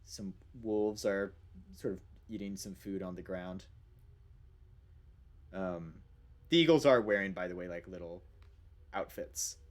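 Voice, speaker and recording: A man's voice: sits low, a little slow, long pauses. A man narrating as game master in a casual, rambling way, with many fillers.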